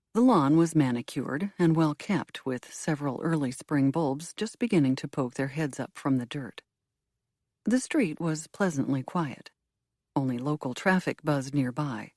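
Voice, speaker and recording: A woman reads a first-person mystery aloud in a low, warm voice. Her pitch rises and falls with plenty of life, and the studio sound is close and dry. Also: no echo. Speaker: audiobook narrator. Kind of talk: first-person audiobook narration.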